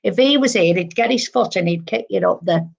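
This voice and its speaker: A woman's voice: fairly low pitch, brisk, creaky, husky, muffled recording. A woman working as a medium, relaying spirit messages live and acting out what she is told. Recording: livestream.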